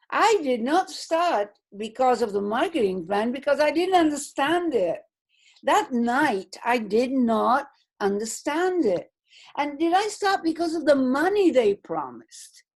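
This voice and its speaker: A middle-aged woman telling a motivational business story on a remote call, acting out the voices of the people she quotes. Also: high-pitched. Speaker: business speaker.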